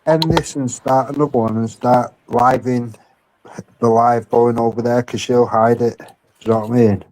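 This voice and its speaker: A man chats on a live-stream panel in a plain mid-pitched voice. He sounds laid-back and drops swear words easily. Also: steady tone, moderate pace, a little mellow, rough recording. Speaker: panel guest. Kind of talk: casual live-stream chat.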